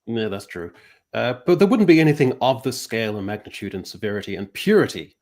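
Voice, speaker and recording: A man's voice: on the low side, expressive, fast, darkish tone. A man hosting a livestream, chatting casually with a sarcastic, rambling delivery. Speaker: host.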